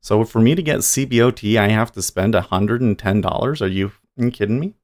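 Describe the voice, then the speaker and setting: A man's voice: on the low side, a little mellow. Rambling man chatting on a livestream. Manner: rambling, halting, with many restarts. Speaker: livestream day trader. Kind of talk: casual livestream chat.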